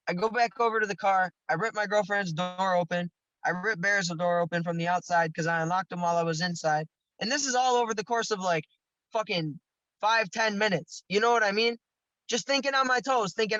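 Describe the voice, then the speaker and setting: A young man with a high, bright voice tells a story in a casual, profane way, swearing as he goes. The recording is dry and dull, with a lo-fi sound. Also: brisk, dry recording. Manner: profane, animated storytelling with bursts of laughter. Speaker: podcast guest.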